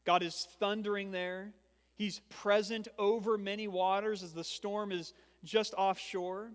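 Man, pastor, high voice, earnest sermon, volume rising and falling for emphasis, long hall reverb. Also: fairly even intonation, unhurried, clean tone. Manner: earnest teaching tone, swells and drops in volume for emphasis. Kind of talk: expository sermon.

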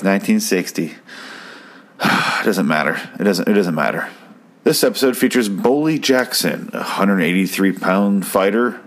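Wry, profane man rambling through a recap. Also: low-pitched. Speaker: podcast host reviewing an episode.

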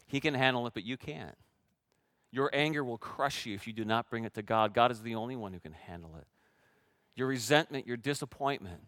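A male pastor preaching a sermon, dropping to a hush in quiet passages and rising to loud emphasis, often asking his listeners direct questions. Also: mid-range voice, no echo, clean studio sound. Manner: shifts between hushed reflective passages and loud emphatic preaching; asks the congregation direct questions.

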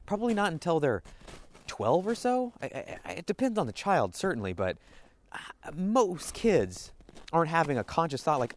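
A man's voice: a little high, sing-song, normal speed, slight background noise. A man hosting a solo podcast, rambling and interrupting himself, slipping into little acted-out quotes, speaking as a parent. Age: adult parent. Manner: rambling, self-interrupting, acts out quoted voices. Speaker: podcast host.

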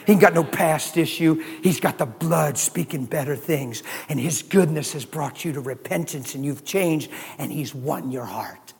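A man preaching a sermon, animated, with shouted exclamations and laughing asides. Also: fairly high pitch, normal speed, gravelly, hardly any pauses, breathy edge, long reverb tail.

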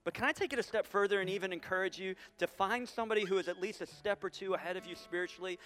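A male pastor preaching a sermon to a large congregation, animated and acting out the voices he quotes. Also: high-pitched, racing, in a large hall. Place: large church hall.

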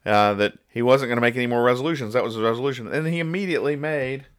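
A mid-range male voice comes at a rapid-fire clip on a casual, comedic podcast. The host reads comics, rambles, jokes around, and explains every punchline.

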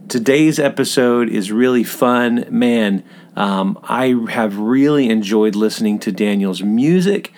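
A man's voice: mid-range voice, measured pace, a little mellow, a little hiss or hum. Chatty Southern American man hosting. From Southern United States. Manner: chatty and rambling, with fillers and self-corrections. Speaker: podcast host. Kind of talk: casual podcast monologue.

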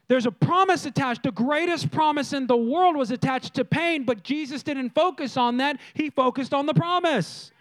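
A man's voice: extremely high pitch, moderate pace, few pauses. A man preaching a sermon in church, telling stories and speaking directly to his congregation. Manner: lively storytelling preacher, addresses the congregation directly. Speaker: pastor.

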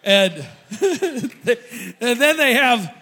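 A man telling a funny personal story to an audience, animated and laughing often mid-sentence. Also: very high voice, very slow, big-room sound.

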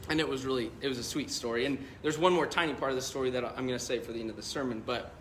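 A man's voice: mid-range voice, steady tone, very fast, reverberant, slight background noise. A male pastor preaching a sermon, telling a story in a loose, conversational way with many fillers.

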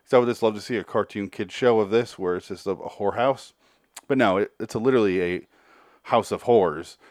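A man's voice: fairly low pitch, a little fast, no echo, studio quality. A man giving a casual, rambling recap, sarcastic and foul-mouthed, with lots of digressions. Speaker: reviewer.

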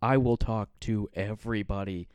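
A man's voice: lowish voice, fairly even intonation, normal speed, a little mellow, smooth, no room sound. A man hosting a podcast in casual chat, telling profane stories and laughing often. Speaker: podcast host.

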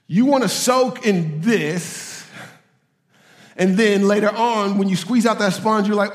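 A man preaching a sermon, animated and given to repeating his points and acting out quoted voices. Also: high-pitched, moderate pace, echoey room, long reverb tail. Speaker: pastor.

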